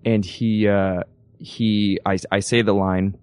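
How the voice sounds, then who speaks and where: A young man, an actor guest, telling animated stories with many restarts in a casual interview. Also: lowish voice, slow pace, no echo, clean studio sound. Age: young adult. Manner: animated anecdote teller, frequent restarts.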